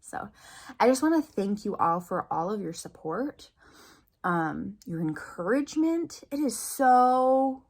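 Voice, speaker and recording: A woman in her thirties speaks straight to her viewers in a personal vlog update. Her voice sits at an ordinary middle pitch, and her delivery is earnest and chatty, with an open, heartfelt tone. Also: sing-song, takes it slowly, darkish tone. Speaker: vlogger.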